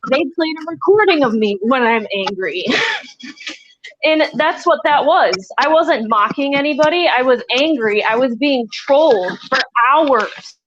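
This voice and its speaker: A woman's voice: high voice, expressive, a little slow, a bit bright, slight background noise. A woman guest joining a livestream by remote call, talking hurt and defensive. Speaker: stream guest. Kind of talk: emotional livestream talk. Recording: slightly dull remote call audio.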